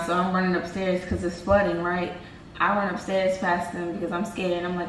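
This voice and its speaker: A young woman vlogger casually telling viewers about a dream, animated and slangy, talking to them as y'all. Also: fairly low pitch, normal speed, slight background noise. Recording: roomy, from a distance, faint ambience.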